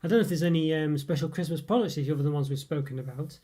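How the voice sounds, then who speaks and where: A man's voice: a little high, racing, warm tone. Chatty British man on a livestream. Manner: rambling, many fillers, chuckles often. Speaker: livestream host reviewing snacks. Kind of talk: casual live chat reading viewer comments.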